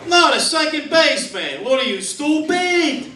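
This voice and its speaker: A male comedian voicing a brash male New York sports fan who yells at the TV, recorded in a roomy club with crowd laughter. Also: high voice, lively intonation, drawn-out words, recorded from a distance, pitched above the performer's own voice, heavily acted. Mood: hollering. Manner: yelling, brash.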